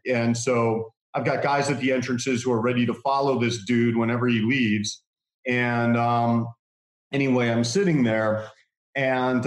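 A man casually telling a long anecdote, animated, laughing often and acting out what others said. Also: mid-range voice, roomy sound. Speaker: guest telling a story.

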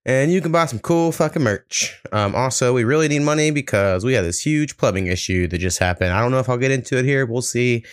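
Laid-back swearing podcast host. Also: male voice, medium pitch, animated, fairly quick, few pauses, clear, resonant tone, no room sound, studio quality. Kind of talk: casual podcast chat.

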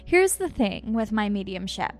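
A woman's voice: mid-range voice, very animated, moderate pace, vocal fry, faint music behind. A woman who hosts a podcast and works as a medium, telling a candid personal story in a casual way and laughing often.

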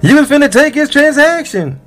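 A man doing a shrill, exaggerated impression of an angry young man, pitched far above his normal speaking voice. It is a mocking falsetto with a ranting edge, and faint music plays underneath. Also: very animated, brisk, a bit bright, exaggerated voice. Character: agitated young man mocked, shrill and high.

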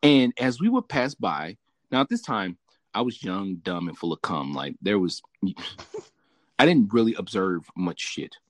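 Brief: low-voiced male host, animated swing in his pitch, cursing and laughing through a story, dry close sound. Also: unhurried, dry recording. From Southern California. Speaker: podcast host. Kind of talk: casual storytelling chat.

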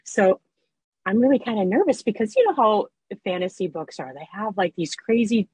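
Woman guest, husky, dry close sound; chatty storyteller, full of "like" and "you know.". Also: mid-range voice, normal speed, no room sound, poor audio. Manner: chatty, animated storytelling with fillers and laughs. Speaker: erotica author and audiobook narrator, guest. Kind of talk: casual interview chat.

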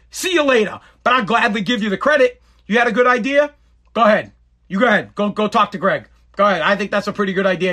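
A man with a high, bright, ringing voice holds forth in a loose, ranting monologue. He tells a story by acting out what people said and drops casual swears along the way. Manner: animated, storytelling with acted quotes, swears casually.

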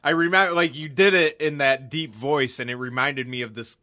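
A man's voice: medium pitch, steady tone, normal speed, bright, forceful tone, no room sound, clean studio sound. A young man hosting a podcast, laughing and swearing through casual chat. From United States. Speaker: podcast host.

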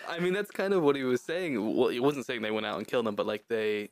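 Casual male podcast co-host from Florida, rambling joker, mid-pitched, dry close-mic sound. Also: fast, no room sound. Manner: chatty, jokey, rambling storyteller. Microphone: desk microphone.

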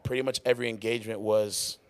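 With his low voice almost worn out, a man who's both a worship musician and podcast host chats casually on a live podcast after a worship show. He talks quickly, rambles excitably and laughs often in the warehouse-like space. There's slight background noise.

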